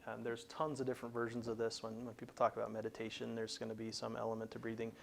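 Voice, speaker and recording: On his career advice show, a man explains things plainly in a conversational, teaching style, often restarting his sentences. His mid-range voice is monotone, fast, and gravelly, and there's a little hiss or hum in the recording.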